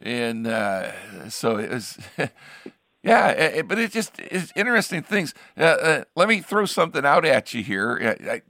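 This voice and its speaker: An older man from Ohio talks through a loose, rambling chat, full of restarts and little laughs. His voice is bright and forward, with a dry, close sound and no room around it. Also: mid-range voice, very animated, unhurried, no echo. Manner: rambling, chuckling storyteller with many restarts. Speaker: pastor and show host. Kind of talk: casual chat.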